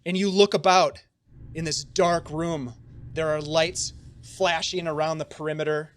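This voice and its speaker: A fairly high-voiced man runs a tabletop game on a stream. He narrates the scene and talks to his players in a casual, upbeat way, with plenty of ums and restarts. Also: steady tone, unhurried, slight background noise. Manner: casual, upbeat, filler-heavy. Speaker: game master.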